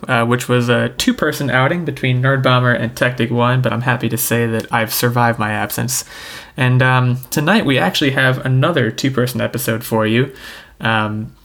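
A man's voice: mid-range voice, fairly bright tone. Easygoing joking podcast host, a man. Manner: easygoing and jokey, with lots of hesitation sounds. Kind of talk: casual podcast chat.

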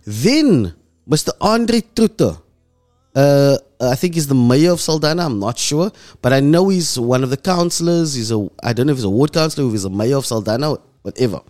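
A man with a South African accent hosting an emotional commentary monologue, impassioned and dropping low and soft when moved. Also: lively intonation, normal speed. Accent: South African English. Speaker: host.

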